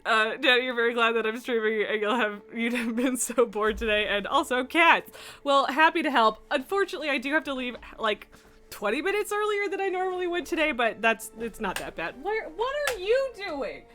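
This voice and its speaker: A woman's voice: fairly high pitch, lively intonation, brisk, bright, forceful tone. A woman live streamer chatting casually from her home streaming room, laughing often, swearing and scolding her cats.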